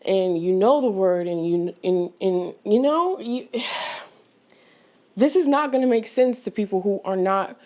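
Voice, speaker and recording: A woman's voice: medium pitch, animated, takes it slowly, mellow. Woman rambling through a chatty film review. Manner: chatty and rambling, full of fillers and restarts, with sudden outraged exclamations; paces back and forth while talking. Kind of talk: casual rambling movie review.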